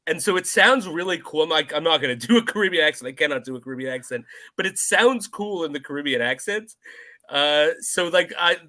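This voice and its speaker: A man talks through a film with a fairly high, bright and forceful voice. He is animated and laughs a lot, and he acts out lines as he recounts scenes in a relaxed podcast chat. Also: a little fast. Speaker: podcast co-host. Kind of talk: casual film discussion.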